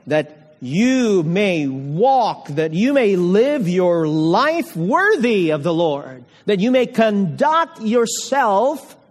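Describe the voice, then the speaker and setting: High-pitched guy preaching slow, keeps asking the room questions, echoey church-hall sound. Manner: asks the congregation questions, repeats key words. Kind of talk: evening sermon with scripture reading.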